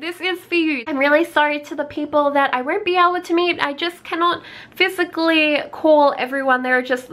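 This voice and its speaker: A young woman hosting her own channel, chatting with fans over video calls, giggly and excitable with squeals and gasps. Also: high voice. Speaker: YouTuber host. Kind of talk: casual vlog talk and fan video calls.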